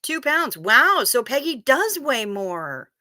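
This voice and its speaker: A woman's voice: sits high, sing-song, slow pace, pushed and bright, no room sound, clean studio sound. A woman hosting a casual livestream, chatting playfully with viewers and reading out their messages as they come in. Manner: chatty, reads chat aloud, playful, swears casually. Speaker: livestream host.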